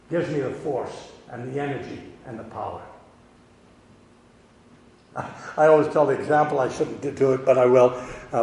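A man's voice: a little high, a little mellow. An older Canadian man and missionary preacher, giving a sermon testimony with a chuckling, self-deprecating storytelling manner, recorded in a large hall. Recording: echoey hall with long reverb.

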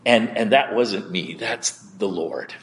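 Male pastor, lowish voice, plain candid sermon delivery, stop-start and repetitive. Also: big-room sound, background noise. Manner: halting, repeats words often; conversational, candid. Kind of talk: sermon with personal story.

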